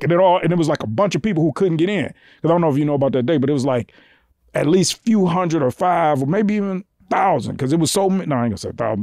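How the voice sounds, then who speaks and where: A man's voice: dry recording, clean studio sound. A man guest on a podcast telling a story in a casual way, acting out the voices of the people in it and swearing freely. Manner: animated, acts out quoted voices with big pitch jumps, swears freely.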